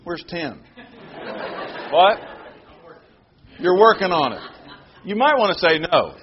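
A man preaching a sermon, moving from quiet prayer announcements to loud, emphatic points. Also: sits high, takes it slowly, muffled recording. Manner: animated preaching, shifts between hushed announcements and loud emphatic delivery. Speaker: pastor.

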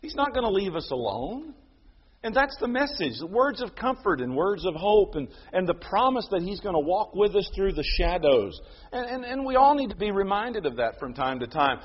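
A man preaching a sermon, emphatic, his voice swelling to loud peaks and then dropping soft. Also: high-pitched, sing-song, normal speed, breathy edge, lo-fi sound. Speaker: pastor.

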